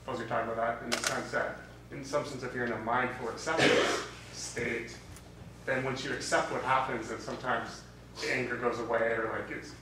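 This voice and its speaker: A man's voice: mid-range voice, level tone, a little fast, pushed and bright. A man interviewing, asking long, hesitant questions and thinking aloud. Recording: distant echoey recording with clear noise.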